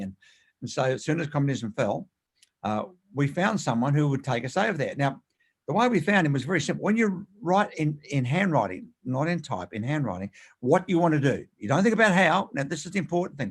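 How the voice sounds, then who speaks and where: A man, an author and speaker, telling animated anecdotes in an interview with quick, emphatic delivery. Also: mid-range voice, husky. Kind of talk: storytelling interview.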